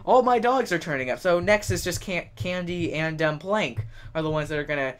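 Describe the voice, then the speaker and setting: A man's voice: fairly high pitch, animated, fairly quick, a bit bright. Chatty young man narrating a game. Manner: chatty, exclaiming, thinks aloud. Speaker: let's play host. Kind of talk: gameplay commentary.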